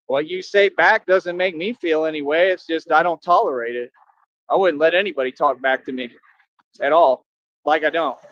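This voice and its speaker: A man's voice: high-pitched, fairly bright tone, no echo. A man streaming live, scolding and boasting at an online critic in a repetitive rant. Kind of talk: confrontational rant to viewers. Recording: dull lo-fi, dry.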